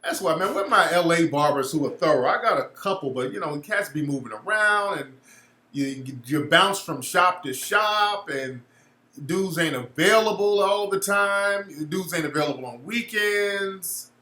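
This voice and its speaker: A man, hosting a casual livestream and telling blunt, profane, animated stories. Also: on the high side, a little slow, reverberant. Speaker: show host.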